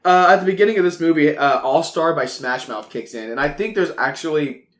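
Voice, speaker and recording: Young male co-host, animated and profane, slightly high voice, echoey room. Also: a little fast. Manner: animated, swears freely, laughs often. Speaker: podcast co-host. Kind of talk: casual chat.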